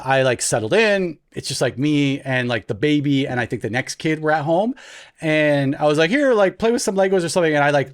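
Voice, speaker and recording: A young man co-hosting a podcast, telling a story in casual chat and acting out the voices he quotes. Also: medium pitch. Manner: animated, acts out quoted voices loudly. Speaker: podcast co-host.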